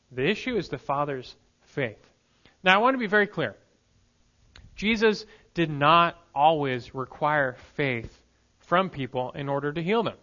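A male pastor preaching a sermon, emphatic, moving between hushed lines and loud peaks. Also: a little high, lo-fi sound.

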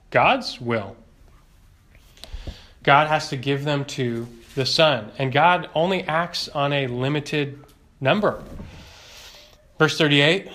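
A man's voice: medium pitch, fairly bright tone. A man teaching a doctrinal Bible lesson, emphatic, asking rhetorical questions and repeating key phrases.

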